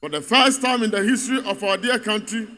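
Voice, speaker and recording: A man's voice: high voice, animated, fairly quick, bright, forceful tone. A man giving an emphatic, repetitive political speech at a party congress in a large venue. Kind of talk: rally speech. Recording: reverberant hall.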